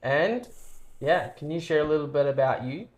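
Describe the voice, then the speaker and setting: Soft-spoken man asking in a roomy space. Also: on the high side, animated, moderate pace. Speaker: podcast host. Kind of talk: interview questions. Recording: roomy, off-mic sound.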